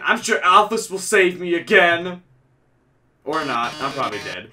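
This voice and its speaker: A man playing a video game and commenting in a sarcastic, deadpan way, with game music behind. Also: medium pitch, unhurried, recorded from a distance. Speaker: gaming channel host. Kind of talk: let's play commentary.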